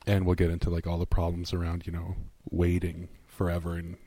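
A man's voice: low-pitched, monotone, a little fast, warm tone, no echo. A man co-hosting a faith podcast, reflective and earnest as he shares a personal story. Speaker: podcast co-host. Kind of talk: casual podcast chat.

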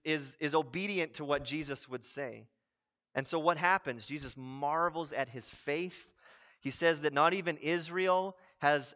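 A man preaching a sermon as a pastor, animated and building to emphatic exclamations. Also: fairly high pitch, muffled recording.

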